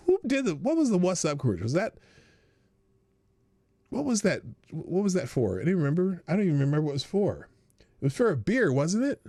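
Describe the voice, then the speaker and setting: Lively rambling stream host, man. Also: a little high, dry recording, clean studio sound. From Nebraska. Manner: rambling, jumps to loud excited outbursts. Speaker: host of a live morning stream. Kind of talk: casual live-stream chat.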